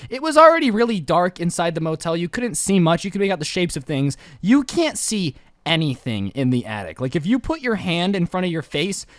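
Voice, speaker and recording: A man's voice: sits high, no echo. Young male storyteller, jokey and slangy, with a dry, close sound. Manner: animated, jokey, slangy asides. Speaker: storytime YouTuber. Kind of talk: casual storytelling.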